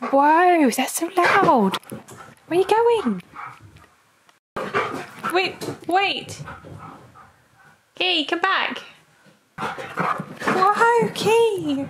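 A woman with a very high voice speaks slowly and playfully to her dog, coaxing and laughing between lines. The recording has clear background noise. Dog sounds are heard at home around her. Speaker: dog owner filming her pet. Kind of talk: casual talk to a dog.

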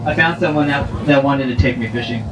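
A man excitedly telling a fishing story at an outdoor weigh-in, rambling and eager as he quotes himself and his partner. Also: medium pitch, brisk. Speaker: tournament angler. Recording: distant mic, roomy and noisy outdoors.

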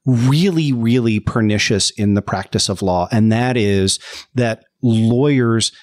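Guy lawyer on a podcast, chatty, pokes fun at himself, mid pitch. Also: unhurried. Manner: animated, self-deprecating storytelling. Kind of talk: casual conversation.

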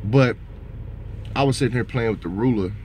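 A man's voice: medium pitch, moderate pace, darkish tone, a little hiss or hum. A man who drives trucks talking in a casual vlog monologue. He rambles in a motivational way and keeps tossing in "man".

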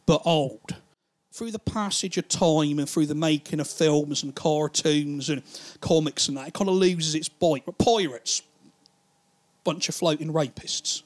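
A man doing a stand-up routine, rambling and swearing as he acts out the people in his stories. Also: fairly high pitch. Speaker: stand-up comedian.

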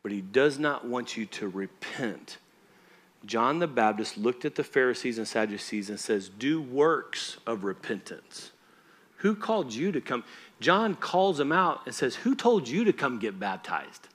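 Male pastor, conversational and emphatic preaching, regular pitch, asks the room if they're with him. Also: lively intonation, measured pace, fairly bright tone. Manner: conversational and emphatic, often asks the congregation if they follow. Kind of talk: sermon. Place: church.

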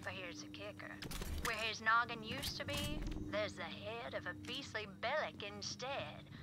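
A woman's voice: a little high, expressive, a little slow. A woman voicing a folksy frontier woman who drawls out a spooky legend, in a game. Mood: ominous storytelling. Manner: drawling, storytelling, folksy slang. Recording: game audio with clear background noise.

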